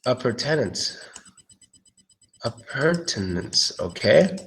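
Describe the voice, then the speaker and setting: A man teaching English pronunciation on a live stream, relaxed and thinking aloud, slowly repeating each word. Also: mid-range voice, gravelly.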